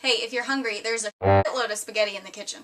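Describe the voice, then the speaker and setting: A woman voicing an elderly grandmother who speaks in a gentle, doting tone and says blunt, crude things. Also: on the high side, steady tone, fast talker, pitched below the performer's own voice, close to an everyday voice. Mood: sweetly blunt.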